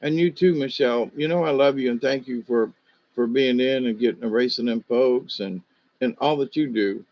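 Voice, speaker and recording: A man's voice: mid-range voice, moderate pace, muffled recording. An older man with a slight Southern US accent, hosting a livestream in a meandering, hesitant casual monologue full of fillers. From Ohio, USA. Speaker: livestream host.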